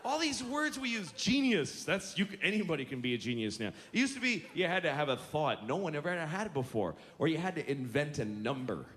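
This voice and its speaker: A man's voice: fairly high pitch, very animated, a little fast, few pauses, fairly bright tone. Ranting man on a comedy stage. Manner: exasperated ranting, mocking voices of others. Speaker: stand-up comedian. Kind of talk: stand-up routine. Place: comedy stage before an audience. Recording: live club with crowd laughter and noise.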